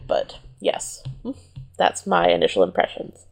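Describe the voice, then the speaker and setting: A woman co-hosting a casual podcast chat, talking loosely, laughing often and swearing lightly. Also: a little slow. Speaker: podcast co-host.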